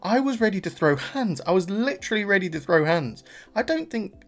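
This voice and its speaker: A young man from England hosting a casual vlog review, chatty and animated, laughing often and trailing off into fillers. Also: high-pitched, a little fast. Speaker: reaction channel host.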